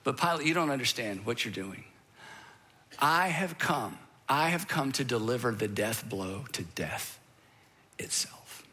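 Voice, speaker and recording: A man voicing a solemn figure who speaks with quiet authority, his words trailing off toward a whisper. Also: medium pitch, very animated, unhurried, gravelly, pauses often, husky, voice pushed down, exaggerated voice.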